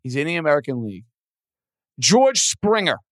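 A man hosting a sports radio show, casually thinking out loud as he works through baseball trivia. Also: on the high side, normal speed, no echo. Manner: animated, thinks out loud, self-deprecating.

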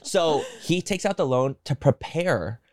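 A man co-hosting a podcast, retelling online drama in rapid, animated bursts and acting out quoted people. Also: a little high, no echo, clean studio sound. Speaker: podcast co-host. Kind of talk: casual gossip chat.

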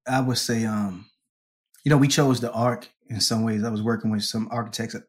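A man as an interview guest, telling a personal story in a lively way, laughing often and acting out the people he quotes. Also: on the low side, brisk. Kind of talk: conversational storytelling.

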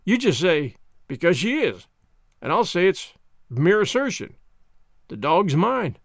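A man reading a storybook voices a rough male Klondike dog musher with slow, drawling, plain-spoken speech. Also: sits high, very animated, no echo, studio quality, heavily acted.

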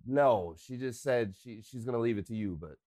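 A man's voice: mid-range voice, moderate pace, a little mellow, no echo, studio quality. A man co-hosting a podcast, teasing the host in a laid-back, casual way. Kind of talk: casual chat.

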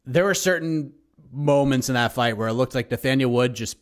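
A man co-hosting a podcast, talking about fighters in a relaxed, easygoing way. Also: medium pitch, a little fast. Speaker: podcast co-host. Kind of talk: casual sports chat.

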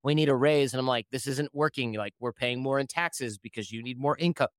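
A man's voice: mid-range voice, a little fast, smooth, no room sound, clean studio sound. A podcast host telling a story in a casual way, acting out the quoted voices of other people as he goes. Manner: animated, acts out quoted voices.

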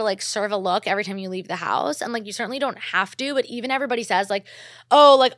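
A woman's voice: mid-range voice, a bit bright, no echo, clean studio sound. A young woman from New Jersey hosting a casual solo podcast, gushing and chatty with constant "like" fillers. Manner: gushing, filler-heavy, lots of "like". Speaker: podcast host.

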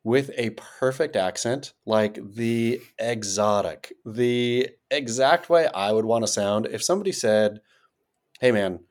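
An American man co-hosting a podcast, riffing in a playful, rambling way with sudden jumps in pitch. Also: a little slow, hardly any pauses. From United States. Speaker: podcast co-host. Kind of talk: casual chat.

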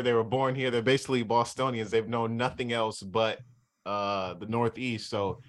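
Sports reporter guest, male, 30s, from Southern California; laid-back storyteller, slightly low voice. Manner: relaxed, easygoing storytelling. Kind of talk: casual podcast chat.

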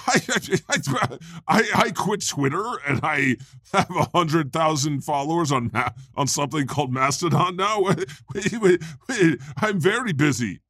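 A man's voice: a little high, lively intonation, unhurried, fairly bright tone, husky, no echo, clean studio sound. A man riffing as God on an improvised comedy podcast, rambling and jokey, often laughing. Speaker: podcast host playing God.

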